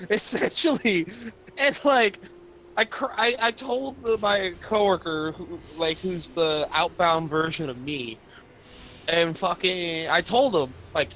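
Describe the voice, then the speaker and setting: Profane young man venting, bright voice. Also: sits high, slow pace, a little hiss or hum. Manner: profane, rambling venting with lots of fillers. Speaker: streamer. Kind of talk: casual ranting chat.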